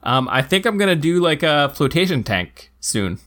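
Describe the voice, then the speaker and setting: A man's voice: on the high side, very animated, normal speed, a bit bright. A man co-hosting a podcast, playful and enthusiastic, laughing often in casual banter. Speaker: podcast co-host.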